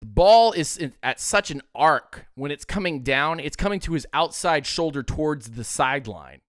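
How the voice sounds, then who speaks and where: A man hosting a sports show, breaking down game plays with excitable energy and frequent laughter. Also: a little high, moderate pace, no echo, studio quality. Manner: excitable, breaks into laughter, acts out players in quotes. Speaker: sports podcast host. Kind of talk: animated sports commentary.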